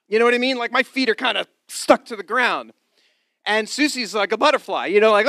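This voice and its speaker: A middle-aged man from New York preaching a sermon with personal testimony. He swings from loud emphatic lines to hushed ones and drops joking, self-deprecating asides. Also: high voice, fast, dry recording.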